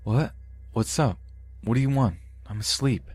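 A man's voice: medium pitch, a little slow, darkish tone, slightly rough, no room sound, faint music behind, voice pushed up. Man voicing a frightened young woman. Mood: feigning sleepy.

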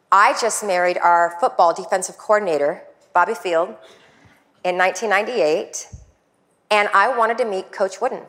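A woman coach telling a lively personal story, acting out the people she quotes. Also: medium pitch. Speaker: guest coach. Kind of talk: storytelling talk.

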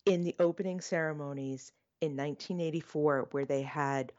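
A woman co-hosting a podcast in casual chat, animated and self-deprecating. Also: low voice, moderate pace, highs cut off. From United States. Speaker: podcast co-host.

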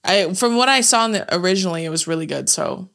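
A woman's voice: lowish voice, lively intonation, fast talker, fairly bright tone. A young woman co-hosting a podcast in casual chat, swearing freely and laughing often. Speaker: podcast co-host.

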